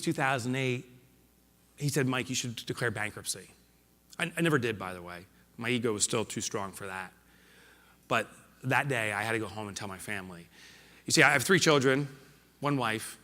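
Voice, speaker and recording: Keynote speaker, man, middle-aged, bright voice, big reverberant hall, swings from loud to hushed. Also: medium pitch. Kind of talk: motivational stage speech. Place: large hall before a live audience.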